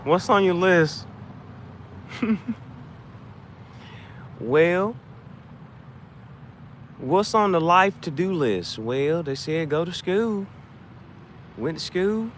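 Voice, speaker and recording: A man chatting casually and joking, laughing often and swinging his voice high and low. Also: fairly bright tone, slight background noise. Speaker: channel host.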